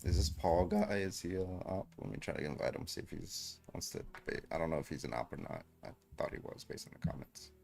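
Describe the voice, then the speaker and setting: A man's voice: rumbling low, big pitch swings, fast, vocal fry, few pauses, a little mellow. A man hosting a livestream in casual chat, laid-back and full of likes and you-knows. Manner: laid-back, heavy use of like and you know. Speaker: livestream host.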